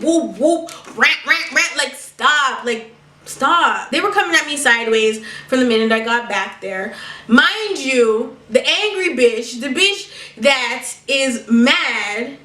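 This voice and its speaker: A woman's voice: high-pitched, a bit bright, recorded from a distance. A young woman vlogger telling a story with sass, profanity and laughter, recorded at home. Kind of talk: storytime vlog. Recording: echoey room, mic set back.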